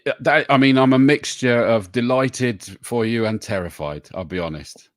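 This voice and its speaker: A man's voice: mid-range voice, moderate pace, no room sound, studio quality. A man hosting a live online show, greeting viewers by name and joking with his co-host. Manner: jokey, greets viewers by name, laughs often. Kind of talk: casual live show chat.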